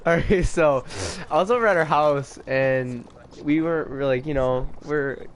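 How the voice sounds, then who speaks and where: A young man rambling through a casual story while commenting on gameplay, halting and restarting, with sudden shouts at the game. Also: a little high, a little hiss or hum. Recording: loud game gunfire under the voice. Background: game gunfire and explosions.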